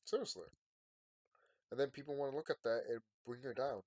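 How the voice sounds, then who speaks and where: Casting: sleepy man, late-night rambling vlog rant, plain mid pitch, dry close sound. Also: a little fast, no echo. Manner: rambling, swings from quiet and tired to loud and ranting. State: sleepy, yawning. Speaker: vlogger. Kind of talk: late-night emotional monologue to viewers.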